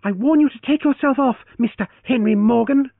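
A man voicing a fiery young woman, high and sharp. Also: expressive, normal speed, husky, no room sound, full character voice. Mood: angry. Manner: flashing, accusing, then faltering. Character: fiery proud young woman, quick to anger. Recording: tinny phone-like, dry.

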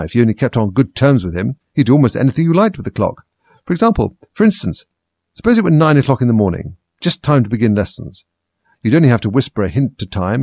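A man reading a storybook aloud, voicing the Hatter as an excitable, contemptuous man who declaims his lines. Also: mid-range voice, husky, no echo, voice pushed up. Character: mad, contemptuous, fast-talking male Hatter.

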